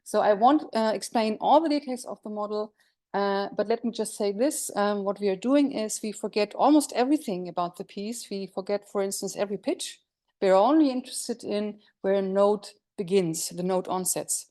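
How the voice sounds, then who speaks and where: A woman's voice: medium pitch, normal speed, warm tone. Woman giving an academic lecture. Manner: explanatory, with frequent fillers and self-corrections; asks the audience questions. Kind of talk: academic conference talk.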